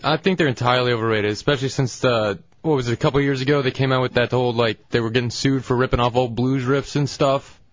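A male radio co-host rambling quickly through his opinions in casual banter. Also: medium pitch, steady tone, no room sound. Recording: dull lo-fi radio recording with faint music.

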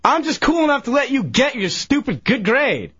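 Man, radio producer, heated rant, high lively voice, dry lo-fi sound. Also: normal speed, husky, dry recording. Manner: angry, belittling, ranting. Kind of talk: heated on-air argument.

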